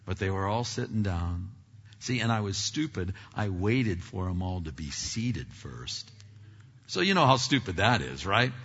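A man preaching, a pastor telling a story in a self-deprecating, animated way with many restarts, recorded in a church sanctuary. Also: low-pitched, a little slow, slightly rough. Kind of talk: sermon storytelling. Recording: dull hall reverb, lo-fi.

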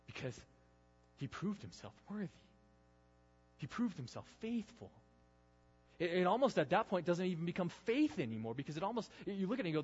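A man preaching a sermon, earnest, swinging between loud emphasis and hushed intensity. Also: on the high side, very animated, a little fast, slightly rough, faint music behind. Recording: dull sound with long reverb in a hall.

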